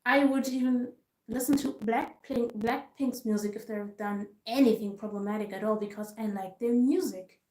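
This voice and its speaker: Brief: woman vlogger with a somewhat high voice, venting with frustrated emphasis; roomy, echoey recording. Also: normal speed, dark tone. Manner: frustrated, emphatic, repetitive ranting. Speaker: K-pop vlogger. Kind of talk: casual ranting commentary. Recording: roomy echo.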